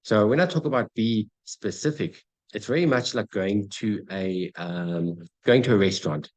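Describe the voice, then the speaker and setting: A man's voice: on the low side, normal speed, low-quality recording. A man giving a motivational talk on goal setting, addressing his audience directly and acting out little scenes. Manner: energetic, acts out dialogue, addresses audience as guys. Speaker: motivational speaker.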